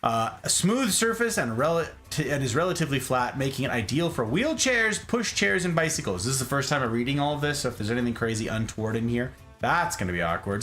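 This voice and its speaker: Animated man chatting over photos. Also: fairly quick, faint music behind. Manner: animated, jokey, pitch jumps for emphasis. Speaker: podcast host. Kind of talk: casual chat over travel photos.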